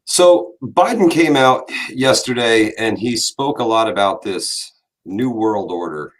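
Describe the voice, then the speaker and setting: Deep, slow-talking male host, relaxed, quick to laugh. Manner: laughs readily, unhurried. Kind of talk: casual podcast discussion.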